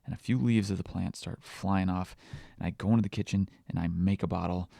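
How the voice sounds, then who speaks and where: Candid, halting man with a low voice. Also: fairly even intonation, creaky, no room sound, clean studio sound. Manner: candid, halting, with many fillers and restarts; quietly emotional, reflective. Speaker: parenting podcast host. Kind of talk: confessional solo podcast monologue.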